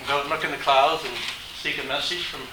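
A man's voice: a little high, fairly even intonation, brisk, distant mic, background noise. A man preaching a sermon to his congregation, emphatic and asking them rhetorical questions. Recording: echoey hall.

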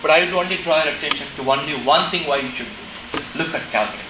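A middle-aged man preaching a sermon in a chapel, impassioned, dropping to a hush and rising to shouts. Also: fairly high pitch, fast talker, roomy sound, noisy background. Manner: impassioned, swings between hushed and shouting.

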